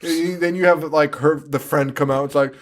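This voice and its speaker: A man co-hosting a podcast in casual chat, animated, laughing often and swearing freely while acting out mocking impressions. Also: a little high, a little fast. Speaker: podcast co-host.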